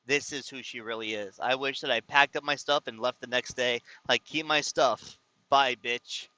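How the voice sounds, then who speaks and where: Man, casual vlog storytelling, rambling and exasperated, bright forceful voice, dry close sound. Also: mid-range voice, steady tone, fairly quick, no room sound, lo-fi sound. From California. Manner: rambling, frequent restarts, exasperated retelling. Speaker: vlogger.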